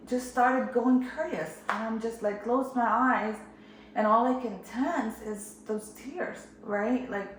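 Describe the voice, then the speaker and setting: A woman from Jerusalem candidly retelling a personal experience in an animated way. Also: mid-range voice, slight background noise. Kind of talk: personal storytelling. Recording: echoey room.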